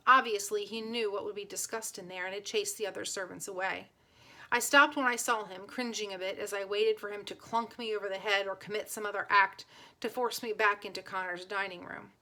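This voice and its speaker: A woman's voice: mid-range voice, bright, forceful tone. A woman reading a novel aloud, giving plain voices to the characters and now and then restarting a word. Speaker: audiobook reader.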